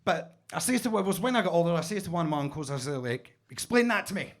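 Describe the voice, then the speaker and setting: A man's voice: on the high side, lively intonation, fast. A Scottish man doing a stand-up set in a basement comedy club, telling stories with mock-pompous wordplay into a stage mic. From Scotland.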